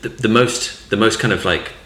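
A man's voice: fairly low pitch, moderate pace, pushed and bright, echoey room. A man hosting a podcast, chatting casually and hesitantly, searching for words. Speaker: podcast host.

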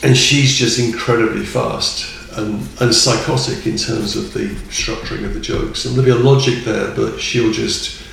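A man's voice: lowish voice, fairly even intonation, normal speed, vocal fry, hardly any pauses, fairly bright tone, distant mic, slight background noise. A man chatting casually as a podcast guest, rambling and enthusiastic and chuckling often. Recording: echoey room, off mic.

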